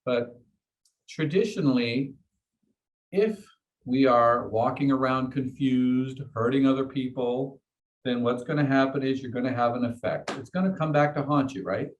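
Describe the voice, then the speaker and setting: A man's voice: medium pitch, moderate pace, dull audio. A man leading a meditation class, explaining ideas to his students in a conversational way and often checking in with "okay?" and "right?". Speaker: meditation teacher.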